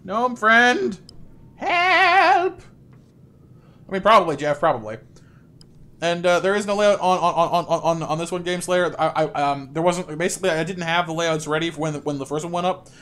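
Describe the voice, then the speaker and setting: A man's voice: fairly high pitch, fairly even intonation, fast talker, fairly bright tone. A young man doing playful live gameplay commentary, chatting with viewers by name and coaxing game characters along. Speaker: streamer.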